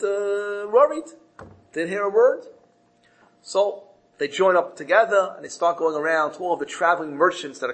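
Higher-voiced man telling a Torah parable. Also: a bit bright, low-quality recording. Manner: storytelling, lifts his voice when quoting characters; repeats words and restarts phrases. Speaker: Torah teacher.

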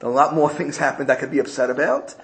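A woman's voice: very deep voice, quick pace. A man voicing an upset wife who insistently repeats her questions. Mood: reflective. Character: upset middle-aged wife, fretting over a broken item.

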